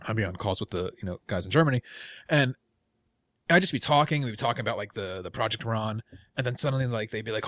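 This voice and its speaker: Easygoing podcast guest, dry studio sound. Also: male voice, fairly low pitch, fast talker, a bit bright, no room sound. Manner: laughing easily, storytelling with acted quotes. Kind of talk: casual chat.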